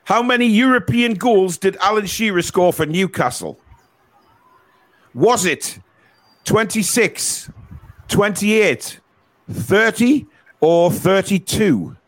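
A man hosting a quiz with a lively, bouncing voice that sits a little high. He jokes, swears and ribs the contestants while he reads out the questions. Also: slow, long pauses. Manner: swears and teases callers. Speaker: quiz host. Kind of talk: casual live-stream quiz banter.

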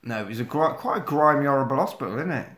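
Man, bright-voiced, animated casual storyteller, echoey room. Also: medium pitch, very fast. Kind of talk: casual film recap.

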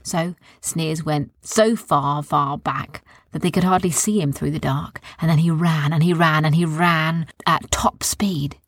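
Soft storyteller woman. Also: low voice, a little slow, hardly any pauses, no echo, clean studio sound. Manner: calm, soft, descriptive. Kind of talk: bedtime storytelling.

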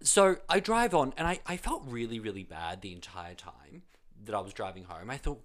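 A man's voice: on the low side, moderate pace. A man with an Australian accent telling a story in casual chat, acting out the people he quotes. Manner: animated storyteller, acts out voices in quotes.

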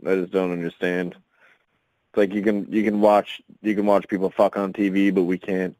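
A man's voice: sits low, little pitch movement, moderate pace, darkish tone, dry recording, low-quality recording. A man co-hosting a comedy podcast, talking incredulously and profanely in casual banter. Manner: incredulous, profane, laughs often. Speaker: podcast co-host.

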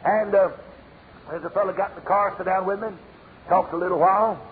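A male evangelist from Tennessee with a Southern accent, preaching a revival sermon as a storyteller whose voice rises to shouts. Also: high voice, fairly even intonation, fairly quick. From Tennessee, USA. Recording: muffled phone-like old tape in a reverberant hall, faint hiss.

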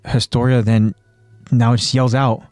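A man's voice: mid-range voice, level tone, unhurried, a little mellow, dry recording, clean studio sound, faint music behind. A man hosting a podcast, plainly retelling an anime episode with fillers. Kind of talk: episode recap narration.

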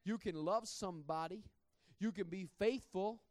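A man's voice: high voice, normal speed, a little mellow, no room sound, studio quality. A man preaching a sermon in a conversational way, often repeating words and laughing at himself.

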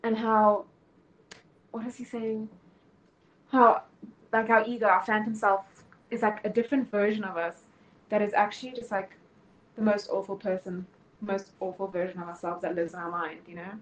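A woman's voice: mid-range voice, flat delivery, normal speed, pauses often, poor audio. A young woman, co-hosting a podcast in casual chat, giggly and full of "like" and "you know". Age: late teens. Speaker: podcast co-host.

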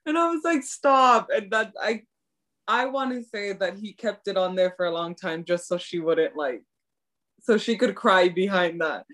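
A young woman with a mid-range voice chats about the episodes she has watched. She gushes in an excitable way and keeps quoting the reactions she had while watching. The whole exchange is easygoing and conversational. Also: mid-range voice, moderate pace. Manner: gushing and excitable, quotes her own reactions. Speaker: podcast co-host. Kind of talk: casual chat recapping a drama.

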